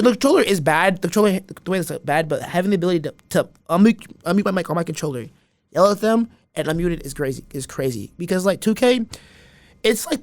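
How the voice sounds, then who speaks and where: A man's voice: high voice, no room sound. A man guest on a podcast, chatting casually and animatedly, rambling with lots of restarts. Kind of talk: casual chat.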